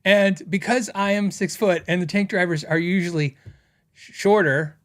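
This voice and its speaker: This middle-aged podcast host has a high voice with fairly level intonation and an ordinary speaking speed. Reading out comments from viewers, he tells meandering stories packed with fillers and laughs in a casual style.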